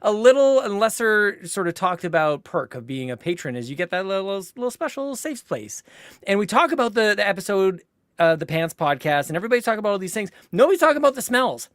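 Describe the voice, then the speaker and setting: High, lively man with dry sarcasm. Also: fast, no echo. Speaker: podcast co-host. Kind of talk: casual chat.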